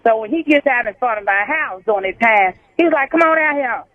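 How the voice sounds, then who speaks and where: A woman's voice: fairly high pitch, expressive, brisk, no echo. A woman caller, telling a story on air in a brash, profane, laughing way. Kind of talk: phone-in storytelling. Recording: dull phone-line sound.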